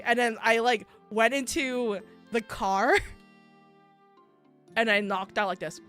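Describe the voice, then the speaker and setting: A woman's voice: on the high side, takes it slowly, long pauses, fairly bright tone, faint music behind. A young adult woman streaming a casual chat, telling rambling stories full of fillers like "like" and laughing often. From United States. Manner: rambling storytelling with many fillers and frequent laughter. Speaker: VTuber streamer.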